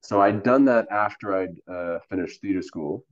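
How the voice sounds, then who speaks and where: A man with a very low voice, speaking as an actor guest in a relaxed interview. He tells stories animatedly, with lots of fillers, and acts out the dialogue he quotes. The recording is muffled and lo-fi. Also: normal speed. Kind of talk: casual storytelling interview.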